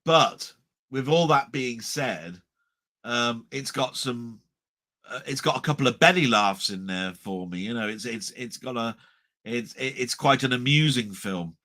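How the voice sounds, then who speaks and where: A man's voice: mid-range voice, unhurried, sharp tone. A man hosting a live stream, chatting casually and jokily, often repeating and restarting his words. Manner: rambling, repeats words, jokey.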